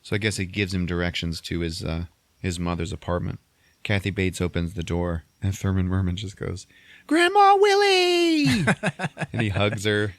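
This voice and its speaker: A man's voice: deep voice, animated, moderate pace, no room sound. A man hosting a podcast, casually retelling a movie's plot, rambling with frequent laughs and loose swearing. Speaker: podcast host. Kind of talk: casual comedic movie recap.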